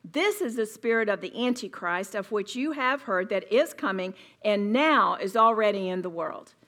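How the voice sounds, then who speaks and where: A woman's voice: mid-range voice, lively intonation, normal speed, fairly bright tone. A woman speaking at a women's retreat, preaching emphatically and repeating words for stress. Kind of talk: sermon.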